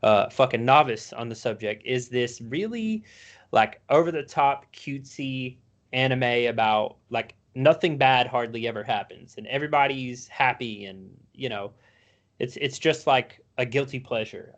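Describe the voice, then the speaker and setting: Swearing man telling animated stories. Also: medium pitch, normal speed, highs cut off. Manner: profane, animated storytelling. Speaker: podcast co-host. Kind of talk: casual chat.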